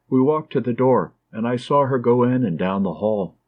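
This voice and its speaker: A man reads an audiobook in a calm, measured voice. His pitch sits in the middle range. The recording is a little muffled and lo-fi. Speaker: audiobook narrator. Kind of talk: audiobook narration.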